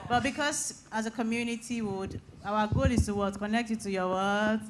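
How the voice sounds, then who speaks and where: A woman who leads a community, presenting a gift on stage with animated call-and-response to the audience. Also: on the high side, a little slow. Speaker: community convener. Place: conference hall with a live audience. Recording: noisy live hall audio.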